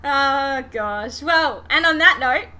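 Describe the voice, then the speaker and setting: Young woman hosting a podcast, high lively voice, super bright, laughs along a lot. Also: slow, a loud crowd. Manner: reactive, laughs often. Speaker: podcast host. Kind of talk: casual chat.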